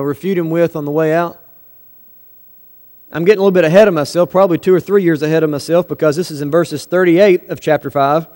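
A man with a high-pitched voice preaches a sermon in a church sanctuary, his words trailing into a long hall reverb. He keeps it conversational, tossing rhetorical questions at the congregation. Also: a little mellow. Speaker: pastor.

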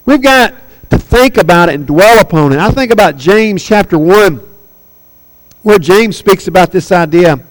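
A man's voice: sits high, lively intonation, normal speed, rough recording. A man preaching a sermon, earnest and emphatic, pressing hard on his key points.

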